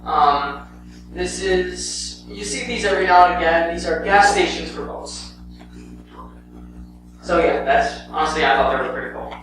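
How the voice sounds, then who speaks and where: A man's voice: fairly high pitch, moderate pace, music in the background. A young man presenting his church mission trip in a rambling, casual way, full of "um" and "anyway". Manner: rambling, with many "um" and "anyway" fillers. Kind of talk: casual spoken report to a congregation. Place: church sanctuary. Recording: very echoey church hall, heard from a distance, with a clear hum.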